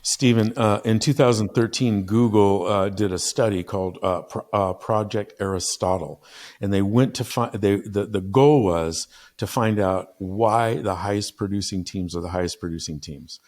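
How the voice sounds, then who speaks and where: A man's voice: on the low side, normal speed, a little mellow. A middle-aged man, a podcast guest and business consultant, telling stories earnestly with frequent restarts. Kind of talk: conversational storytelling.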